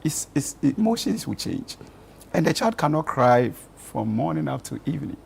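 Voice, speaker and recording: Male guest, deep rasp, counselling tone, storytelling, lively intonation. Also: moderate pace. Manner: earnest, storytelling, gently counselling. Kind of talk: advice on a studio talk show.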